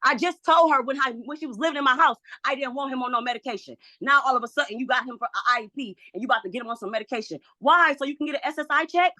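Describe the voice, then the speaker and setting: A woman's voice: high-pitched, rapid-fire, few pauses, sharp tone, no room sound, clean studio sound. A woman speaking as a mother in a court hearing, frustrated and pleading, from home over a video call. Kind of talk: emotional court testimony.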